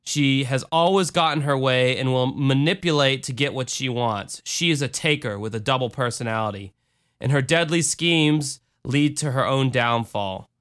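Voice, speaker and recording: A man hosting a podcast, talking in a dry, sarcastic deadpan with rambling restarts. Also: medium pitch, normal speed, clean tone. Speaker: podcast host. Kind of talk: casual podcast monologue.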